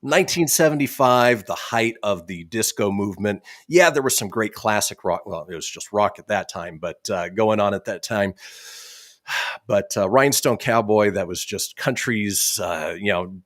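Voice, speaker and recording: A man's voice: lowish voice, measured pace, fairly bright tone, no echo. A man hosting a comedy radio show, reading history facts with wry asides on a studio microphone. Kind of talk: casual comedy radio banter.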